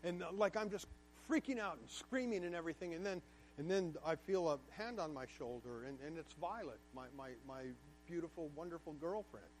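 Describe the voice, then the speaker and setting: Guest speaker, male, higher-pitched, emphatic and candid, personal storytelling to a class. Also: a little fast, slight background noise. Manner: emphatic, candid, repeats words for stress.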